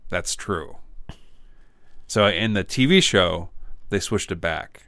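A man's voice: sits low, slow pace, fairly bright tone, dry recording, studio quality. A man co-hosting a podcast, chatting casually about a movie, joking and trailing off mid-thought. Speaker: podcast co-host.

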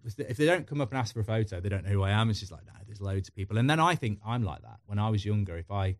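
A man's voice: on the low side, animated, racing, no room sound, studio quality. A middle-aged man chatting candidly as a podcast guest, rambling through personal stories. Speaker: podcast guest, football YouTuber. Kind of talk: casual chat.

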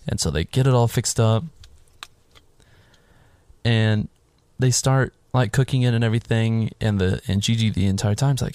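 A man with a lowish voice chats his way through a film's plot in a loose, rambling way, slipping into the characters' lines as he goes. The sound is dry and close, with no room echo at all. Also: fairly even intonation, moderate pace, a little mellow, smooth. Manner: rambling storytelling with quoted character lines and swearing. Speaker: podcast host recapping a film. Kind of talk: casual chat.

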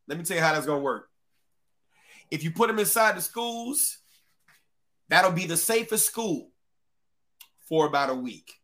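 Brief: livestream host, casual and profane, with a fairly high, bright voice. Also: male voice, expressive, moderate pace, long pauses. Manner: casual, profane, talks straight to chat.

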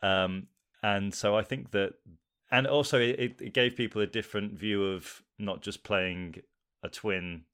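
A man's voice: on the low side, steady tone, a little slow, a bit bright, smooth. An English man in his thirties, an actor guest talking casually and with animation, laughing as he speaks. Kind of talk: casual interview chat.

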